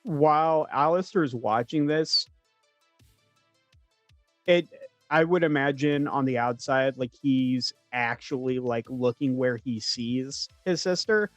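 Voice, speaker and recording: Man, tabletop player, hesitant, slow, searching for words. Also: mid-range voice, no echo, faint music behind. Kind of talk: describing his character in a tabletop game.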